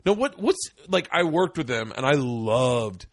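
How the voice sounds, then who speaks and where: A middle-aged man hosting a podcast, telling a story in casual chat, swearing freely and acting out shouted quotes. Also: mid-range voice, very animated, measured pace, no room sound, clean studio sound. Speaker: podcast host. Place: indoor studio room.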